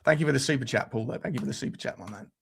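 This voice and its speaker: A man's voice: medium pitch, lively intonation, racing, vocal fry, fairly bright tone, breathy edge. A man hosting a live fan stream, who talks bluntly with crude jokes and reads out the chat. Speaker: fan show presenter.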